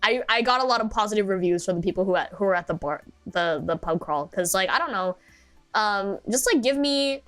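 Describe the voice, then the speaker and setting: A young woman chatting on a livestream. She rambles and giggles through her stories, leaning on filler words, at an ordinary pitch. Soft music plays faintly behind her. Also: expressive, fairly quick. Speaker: VTuber streamer. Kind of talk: casual stream chat.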